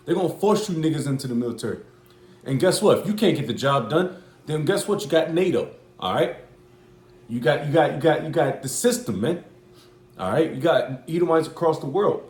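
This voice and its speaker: An American man acting as a religious commentator preaches casually in a loose, repetitive, profane street style. His voice is fairly high and a little mellow, and the room around him is echoey.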